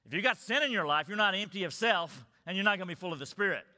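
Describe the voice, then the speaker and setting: A man's voice: high voice, animated, fast talker, pushed and bright, big-room sound. A male pastor preaching a sermon, emphatic, repeating parallel phrases for stress.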